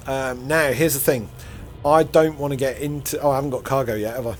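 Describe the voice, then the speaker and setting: Male game streamer, middle-aged, mid-pitched, chatty and self-deprecating, faint background music. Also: fairly even intonation, brisk. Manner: rambling, self-deprecating, chuckles to himself. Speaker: gaming channel host. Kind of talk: casual gameplay commentary.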